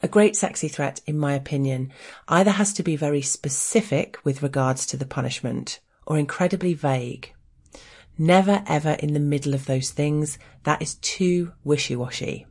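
A woman's voice: deep voice, normal speed, a little mellow, slightly rough. Wry, candid Englishwoman reading her essay. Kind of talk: reading aloud a frank personal essay.

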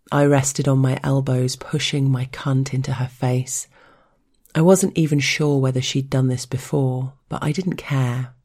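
A woman narrating an intimate audio story in a soft, unhurried, partly whispered delivery. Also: rumbling low, husky.

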